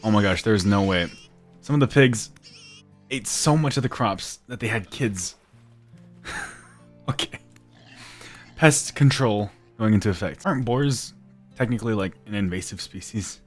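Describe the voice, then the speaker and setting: A young man giving casual gameplay commentary, talking to himself, muttering quietly at times and breaking into loud excited shouts. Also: fairly low pitch, a little slow, pauses often, faint music behind. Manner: drops to near-whispered mutters while working. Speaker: gaming YouTuber.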